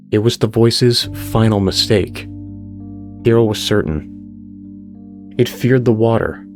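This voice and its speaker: A man reading a horror story aloud as the channel's narrator, in a slow, deliberate delivery. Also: mid-range voice, darkish tone. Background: faint music.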